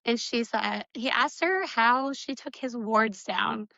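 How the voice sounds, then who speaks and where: Young woman, book podcast co-host, chatty recap, bright tone, dull lo-fi sound. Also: on the high side, takes it slowly, vocal fry, no room sound. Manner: chatty recapping with giggles and filler words. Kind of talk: casual book discussion.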